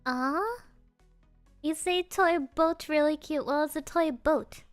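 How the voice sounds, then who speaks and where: A woman's voice: high-pitched, slow, no echo, faint music behind. A woman virtual streamer chatting casually with a non-native English accent, playful and giggly, repeating silly phrases. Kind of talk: casual live stream chat.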